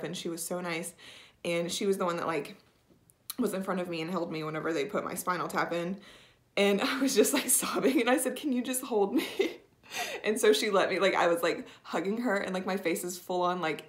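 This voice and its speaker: A sleep-deprived young woman telling her story in a rambling, emotional way, full of "like" fillers. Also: on the low side. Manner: rambling, frequent "like" fillers, tearful at times. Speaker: vlogger.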